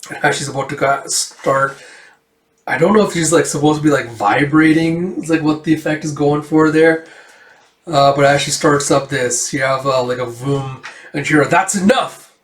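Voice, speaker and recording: A man's voice: a little high, fairly even intonation, moderate pace, a little hiss or hum. Guy rambling thru a comic, lots of likes and uhs, roomy echo, mic kinda far. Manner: rambling, filler-heavy retelling. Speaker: comic reviewer. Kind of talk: casual comic read-through.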